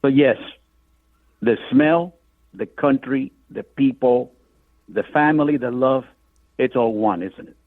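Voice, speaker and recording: Slow-paced and pausing often, this older Cuban author speaks at medium pitch while telling a vivid story in a radio interview, acting out voices as he quotes. The phone line is tinny, with no room sound.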